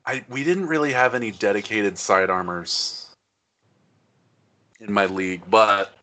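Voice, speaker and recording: A man's voice: on the low side, a little slow, pushed and bright. A young man co-hosting a baseball watch party, chatting casually and chiming in with quips and laughs. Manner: laughs along, chimes in with quips. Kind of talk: casual chat.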